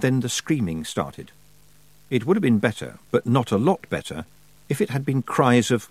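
Guy reading a fantasy audiobook, lots of pitch swing, dry close sound. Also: normal speed, no room sound. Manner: expressive storytelling. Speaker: narrator. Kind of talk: audiobook narration.

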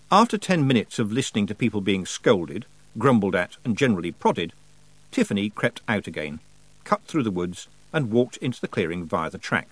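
A man narrating a story in an expressive storytelling manner. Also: fairly low pitch, normal speed, dry recording, poor audio. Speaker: audiobook narrator. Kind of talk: scripted narration.

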